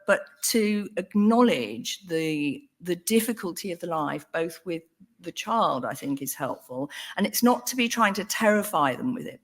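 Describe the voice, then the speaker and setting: A woman's voice: fairly low pitch, fairly bright tone. An older woman, a psychotherapist, speaking earnestly and thoughtfully on a panel, with frequent ums and restarts. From England. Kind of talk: talk on a panel.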